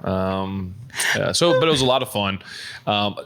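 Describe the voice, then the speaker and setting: Animated though a touch slow, this man's voice sits on the low side with some brightness. He's a podcast co-host in loose, rambling conversation, stumbling through fillers and restarts.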